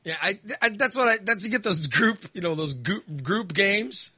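A man's voice: high-pitched, lively intonation, normal speed, pushed and bright, slightly rough, no room sound. A man chatting casually as host, rambling with lots of fillers and restarts. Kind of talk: casual chat.

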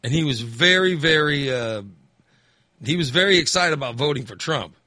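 A man's voice: fairly high pitch, expressive, moderate pace, sharp tone, dry recording. A man hosting a call-in radio chat, rambling and acting out angry voters. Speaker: radio host.

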